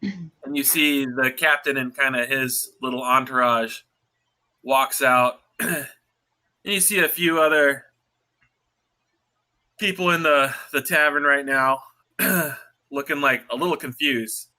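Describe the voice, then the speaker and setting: A man narrating a tabletop role-playing game as dungeon master, pausing often to clear his throat. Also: mid-range voice, pushed and bright.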